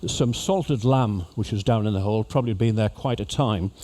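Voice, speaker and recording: A man's voice: lowish voice, normal speed, mellow. A man giving a humorous, chatty talk to cruise passengers as an after-dinner speaker. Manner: jokey, chatty storyteller addressing an audience. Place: ship lecture venue.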